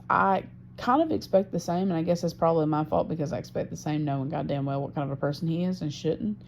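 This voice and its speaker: A woman's voice: low-pitched, warm tone, a little hiss or hum. A woman recording a personal audio diary, venting her frustration about her partner and swearing heavily. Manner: profane, frustrated, heavy swearing. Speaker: diarist.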